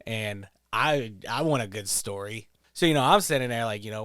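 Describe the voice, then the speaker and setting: A man's voice: fairly low pitch, expressive, fairly quick, few pauses, a bit bright, dry recording, clean studio sound. A man giving casual, profane, joking commentary while playing a quiz video game, rambling into stories. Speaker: gameplay streamer.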